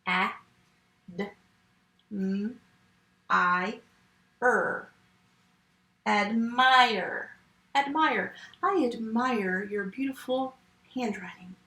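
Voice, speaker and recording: Slow, patient woman teaching phonics. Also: mid-range voice, pushed and bright, reverberant, poor audio. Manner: slow, patient step-by-step instruction. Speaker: first grade teacher. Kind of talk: remote phonics lesson.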